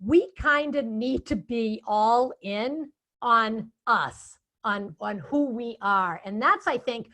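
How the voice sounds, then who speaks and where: Chatty Boston-accented woman, slightly high voice. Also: takes it slowly. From Boston area. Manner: chatty, animated storytelling with quoted asides. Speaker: guest speaker and event moderator. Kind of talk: casual interview chat.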